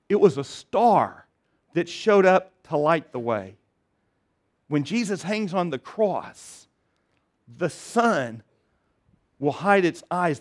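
Earnest middle-aged man preaching. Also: high voice. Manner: earnest, conversational preaching with many restarts and swings between loud and soft. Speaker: pastor. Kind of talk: sermon.

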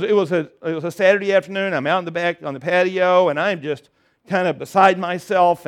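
A middle-aged man delivers a sermon, his voice sitting slightly higher than most men's. He talks earnestly and conversationally, stumbling over restarts. He rises to loud declarations and falls to quiet, low passages. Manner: earnest, conversational preaching with many restarts and swings between loud and soft. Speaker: pastor.

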